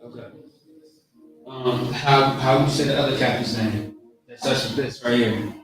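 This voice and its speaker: A man teaching a religious class, coaching pronunciation with patient repetition and drawn-out sounds. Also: medium pitch, steady tone, faint music behind. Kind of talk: pronunciation lesson. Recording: very echoey room, mic far off.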